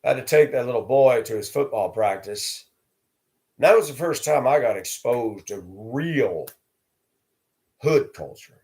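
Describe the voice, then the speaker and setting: Middle-aged male host, blunt storyteller, average pitch, talks plainly and directly. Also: animated, unhurried, long pauses, a little mellow. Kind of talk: personal storytelling monologue.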